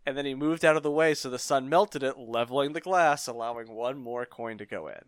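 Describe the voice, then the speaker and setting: A man's voice: mid-range voice, a little fast, dry recording, clean studio sound. A man co-hosting an anime podcast, laying out plot details step by step. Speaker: podcast co-host. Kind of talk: casual anime discussion.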